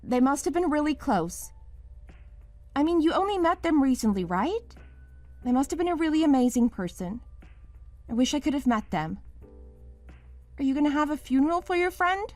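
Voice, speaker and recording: A woman's voice: sits high, lively intonation, normal speed, pauses often, a little mellow, no echo, soft background music. A woman voicing a wife named Mia in a scripted drama, pleading at first and then sharply accusing her husband. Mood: soothing.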